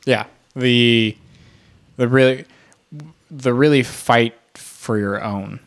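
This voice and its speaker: A man co-hosting a casual chat podcast, jokey and quick to riff, often restarting his sentences. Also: medium pitch, steady tone. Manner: jokey, riffs on the other's lines, restarts often.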